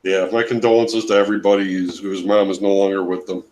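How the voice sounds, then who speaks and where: A man's voice: deep voice, fairly even intonation, fast talker, a little mellow. An easygoing man in a casual chat, laughing along as co-host.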